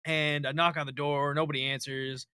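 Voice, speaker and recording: Male co-host, bright and crisp tone, dry close sound, lively profane storyteller. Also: a little high, moderate pace, no room sound. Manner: animated storyteller, swears freely. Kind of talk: casual chat and anecdote telling.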